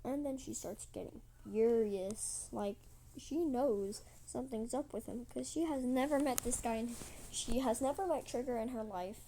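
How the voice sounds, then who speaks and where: A woman's voice: fairly high pitch, moderate pace, mellow, a little hiss or hum, poor audio. A woman telling a made-up story casually while drawing, rambling with many restarts.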